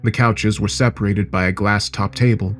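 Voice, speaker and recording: Low-voiced man narrating horror. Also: steady tone, normal speed, soft background music.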